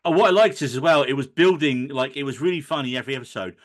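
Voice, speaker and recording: A man's voice: medium pitch, fast talker. A man hosting a podcast chat, playful and mock-indignant while moderating friends. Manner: jokey, mock-angry. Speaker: podcast host.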